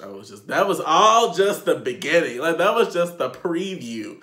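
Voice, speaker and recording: A young man telling a casual storytime on his vlog, animated and profane, laughing as he goes. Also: fairly high pitch, moderate pace. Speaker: vlogger. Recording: echoey room.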